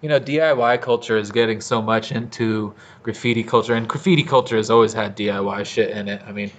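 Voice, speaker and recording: A man's voice: on the low side, fairly even intonation, quick pace. A man co-hosting a casual podcast, talking in a loose, rambling way full of slang and cursing. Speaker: podcast co-host. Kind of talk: casual chat. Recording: dull lo-fi recording.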